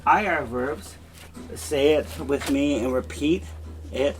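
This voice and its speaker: A man teaching a Spanish class, slowly repeating verb forms for students to echo. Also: a little high. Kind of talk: classroom lesson with drills.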